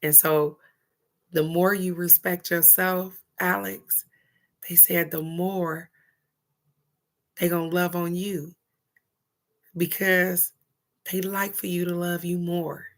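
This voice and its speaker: A woman's voice: fairly low pitch, level tone, slow pace, pauses often. A woman doing a casual live-stream card reading, chatty and affectionate, laughing often and calling out to viewers by name.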